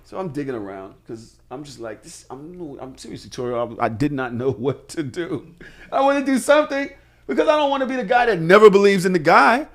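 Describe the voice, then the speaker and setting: Man, podcast host, casual chat, lively swooping voice, a bit high, acts out quotes, swears a lot. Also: fairly quick. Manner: animated storytelling, acts out quotes, swears freely.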